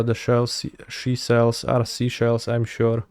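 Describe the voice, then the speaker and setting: A man's voice: mid-range voice, monotone, takes it slowly, darkish tone, smooth. A man, a streamer thinking aloud and muttering words to himself while he works through a word puzzle. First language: Polish.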